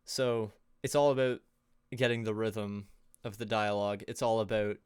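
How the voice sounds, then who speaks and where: A man's voice: on the low side, little pitch movement, moderate pace, clean tone, dry recording, clean studio sound. A man casually presenting tips on a livestream in a loose, chatty way, full of fillers and little laughs. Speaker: co-host presenting on sound design.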